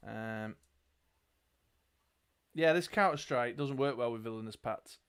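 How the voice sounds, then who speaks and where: A man's voice: medium pitch, measured pace, fairly bright tone, smooth. A British man co-hosting a live tabletop dice game, casually thinking aloud as he reads cards and counts dice. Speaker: game show co-host.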